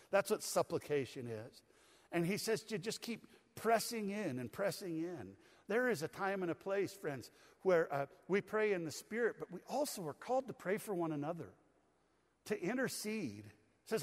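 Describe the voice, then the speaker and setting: An older male pastor with a high-pitched voice delivers a folksy, conversational sermon. The talk carries touches of humor. His voice rings out through a church hall with a long reverb. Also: sing-song, normal speed. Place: church sanctuary.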